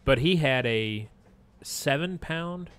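A man's voice: a little high, lively intonation, slow pace, fairly bright tone, clean tone. A man co-hosting a casual podcast, dropping jokey asides and firm recommendations. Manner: jokey interjections, recommends things with conviction. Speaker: podcast co-host.

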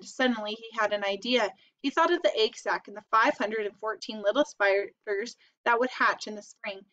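A woman reads a children's novel aloud with expressive narration. Her voice sits on the higher side, and the recording sounds dull and lo-fi. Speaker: storybook reader.

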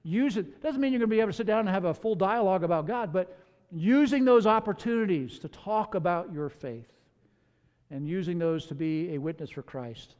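A man's voice: high-pitched, fairly quick, darkish tone, long reverb tail, highs cut off. A man preaching a sermon as pastor. He tells stories in a conversational way, with candid asides.

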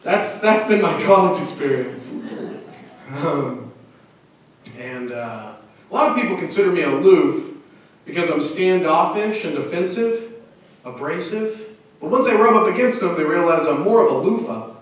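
A young man doing self-deprecating stand-up with a lively, slightly high voice that swings up and down. He is heard from afar in a strongly echoing club. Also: moderate pace, distant mic. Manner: self-deprecating, animated delivery. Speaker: stand-up comedian. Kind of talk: stand-up comedy set. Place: comedy club stage. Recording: echoey room, mic heard from afar.

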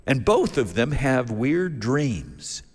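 A male pastor preaches with a very lively, up-and-down delivery, telling the story in a folksy way and slipping into the characters. His voice sits in a middle register and carries a long reverb from the church sanctuary. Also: medium pitch, takes it slowly, slightly rough. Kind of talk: sermon.

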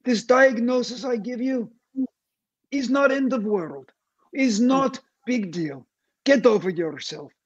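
A man's voice: very high-pitched, highs cut off, heavily acted. A man doing a stern Israeli woman therapist. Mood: scolding. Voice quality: husky. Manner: slow, clipped, scolding.

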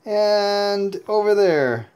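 High-voiced, tired man commentating a game. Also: extremely slow, smooth. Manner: chatty, excitable, laughs often. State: tired and sleepy. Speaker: mobile game player and YouTube host. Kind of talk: casual gameplay commentary.

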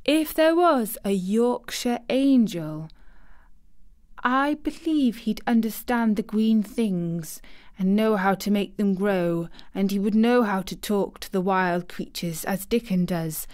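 A woman's voice: mid-range voice, slow, darkish tone, close to an everyday voice. A woman voicing a blunt, earnest young girl in a storybook reading, speaking frankly and sometimes snappishly. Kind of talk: audiobook character voice.

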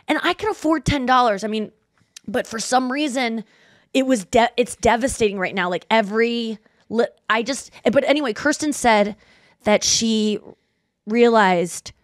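A woman in her thirties hosts a podcast in casual chat, her voice sitting a little high. She tells stories with lots of energy and acts out what other people said. The sound is dry and close to the mic. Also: normal speed, no echo. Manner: animated storytelling, acts out quoted voices. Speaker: podcast host.

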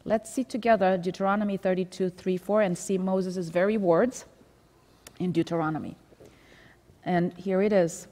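A woman's voice: lowish voice, steady tone, normal speed, mellow, in a large hall. A woman leading a Sabbath School Bible study in a conversational way, reading scripture aloud and explaining it. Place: church.

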